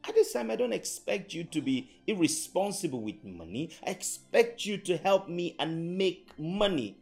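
An actor playing a stingy young boyfriend who scolds and lectures about money. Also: male voice, fairly quick, soft background music, close to an everyday voice. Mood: lecturing. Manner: preachy, scolding, rising to shrill emphasis.

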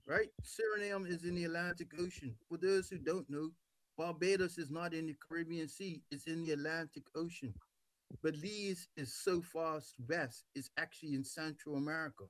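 Deliberate, emphatic male talk host. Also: on the high side, dry recording. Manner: deliberate, emphatic, stretches words for stress. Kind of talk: casual talk show conversation.

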